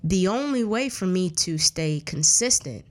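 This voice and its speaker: Woman, 30s, slightly low-voiced interview guest; candid, earnest, conversational, with frequent restarts. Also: animated, unhurried. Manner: acts out others' words in a raised voice. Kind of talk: casual personal storytelling.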